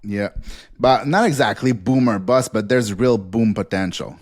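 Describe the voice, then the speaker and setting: A man's voice: lowish voice, dry recording, clean studio sound. A man hosting a podcast, running through a list at speed with fillers and short laughs in a casual chat. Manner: rapid rundown with fillers and laughs. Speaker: podcast host.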